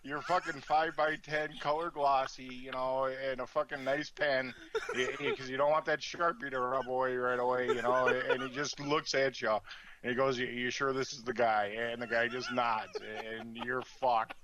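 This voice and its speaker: A man's voice: mid-range voice, level tone, normal speed, crowd noise. A man co-hosting a casual podcast, telling long, rambling, profane stories with plenty of laughter. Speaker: podcast co-host.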